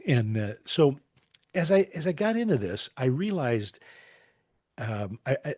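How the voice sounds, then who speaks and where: Husky-voiced man in his forties, storytelling. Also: mid-range voice, very animated, normal speed, pauses often, a little mellow, dry recording, clean studio sound. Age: 40s. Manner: anecdotal, repeats words while thinking, laughs often. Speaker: guest. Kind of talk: storytelling in a podcast interview.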